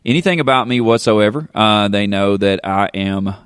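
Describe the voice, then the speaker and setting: A man's voice: lowish voice, normal speed, fairly bright tone, clean tone, dry recording, clean studio sound. A man from Kentucky with a Southern drawl, a pastor hosting a podcast in a rambling, jokey way full of fillers and asides. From Kentucky, United States. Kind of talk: casual podcast chat.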